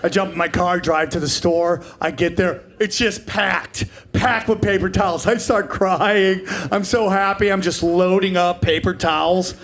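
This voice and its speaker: A man in his forties doing a stand-up comedy set on a club stage, brash and profane, jumping into characters in quick bursts. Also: high voice, steady tone, fairly bright tone. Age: 40s. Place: comedy club stage before a live audience.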